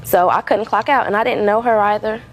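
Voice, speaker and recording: A woman's voice: medium pitch, fairly quick, low-quality recording. Rambling woman defendant testifying. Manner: rambling, many fillers and restarts. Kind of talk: courtroom testimony.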